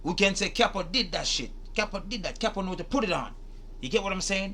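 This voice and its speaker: A man delivers animated commentary, hammering home the same question again and again. His voice is bright and a little higher than most, with a faint ambient hiss behind it. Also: a little fast. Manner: emphatic, rhetorical, repeats questions, swears. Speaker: reaction video host.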